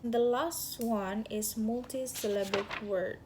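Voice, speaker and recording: Slow, halting young woman reviewing lessons. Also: a little high, steady tone, background noise. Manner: halting, searching for words, self-correcting. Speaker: student giving a class review. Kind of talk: spoken course review.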